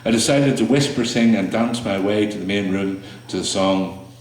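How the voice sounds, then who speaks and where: A man with a low voice reads his spoken word poetry to a small audience. His delivery is slow and halting between pieces, full of small fillers and restarts. He sits some way from the mic, and the small room rings with a strong echo. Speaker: poet performing his work. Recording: echoey room, mic far off.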